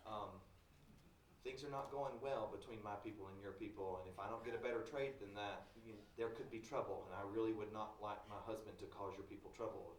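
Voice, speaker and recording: A man voicing a playful mother who plays along in a mock-serious, measured way, heard in a roomy hall from a distance. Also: on the low side, fairly even intonation, voice pushed down, close to an everyday voice.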